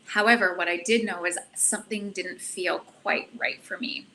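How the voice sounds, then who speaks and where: A woman guest telling a personal story in an earnest, animated, self-reflective way. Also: fairly low pitch, normal speed, a little hiss or hum, poor audio. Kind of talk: casual storytelling.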